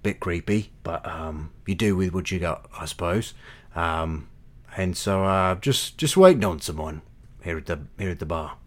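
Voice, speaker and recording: A man's voice: low-pitched, moderate pace, natural voice. A man voicing a hungry, wisecracking turtle adventurer who rambles in a wry, hesitant way.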